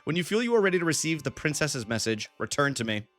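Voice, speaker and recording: A man's voice: a little high, very animated, fast, fairly bright tone, soft background music, voice pushed up. A man reading a grave, formal old female elder's game lines in his own voice. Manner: formal, read plainly off the screen.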